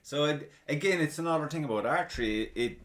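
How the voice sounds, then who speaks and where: A man's voice: fairly high pitch, brisk. A man hosting a podcast, chatting casually, swearing freely and mocking himself. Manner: swears freely, animated and self-mocking, with frequent laughs. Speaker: podcast host. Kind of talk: casual chat. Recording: roomy echo.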